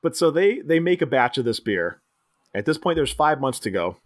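A man co-hosting a casual movie chat, retelling scenes and jumping into squeaky impressions of the characters, often laughing. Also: sing-song, normal speed. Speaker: podcast co-host.

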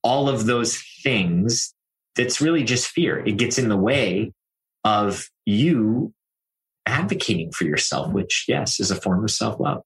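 A man who works as a life coach, talking in a calm, reassuring and reflective way. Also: fairly low pitch, measured pace, low-quality recording. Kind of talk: conversational coaching talk.

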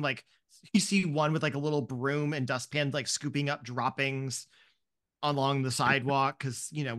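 A game master casually narrates a tabletop game, piling up fillers as they describe the scene. The voice sits at a middle pitch. The delivery is loose and conversational. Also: a bit bright. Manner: casual, rambling, many fillers like "you see".

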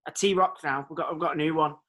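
A man's voice: fairly high pitch, steady tone, fast talker, fairly bright tone. A man chatting casually, hesitant and full of restarts. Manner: hesitant, lots of ums and restarts. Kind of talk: casual chat.

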